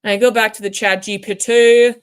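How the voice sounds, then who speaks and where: A woman's voice: mid-range voice, little pitch movement, moderate pace, clear, resonant tone. A woman hosting a casual livestream with puppets, chatting, reading comments aloud and muttering to herself while clicking around.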